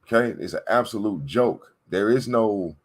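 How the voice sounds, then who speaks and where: A man with a very low voice that carries a husky edge gives a political rant. He hammers points home by repeating them and keeps checking in with whoever is listening. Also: moderate pace. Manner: emphatic, repetitive, preachy. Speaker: political commentator. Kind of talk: ranting commentary.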